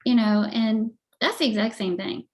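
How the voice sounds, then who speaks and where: A woman's voice: fairly high pitch, normal speed. Woman, casual talk show co-host, chatty, laughing, acts out quotes. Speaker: podcast co-host. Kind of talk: casual chat.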